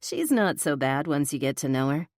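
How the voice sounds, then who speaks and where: A woman voicing a friendly young female coworker who speaks in a relaxed, reassuring way in an audiobook. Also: sits low, moderate pace, no echo, clean studio sound.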